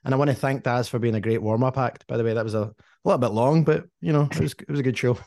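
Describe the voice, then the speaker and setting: A man's voice: medium pitch, very fast, gravelly, mellow, no room sound. A man co-hosts a whisky podcast in easygoing chat, joking and poking fun at himself. The recording is very dry and close, with no room sound at all. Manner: jokey, self-deprecating. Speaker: podcast co-host.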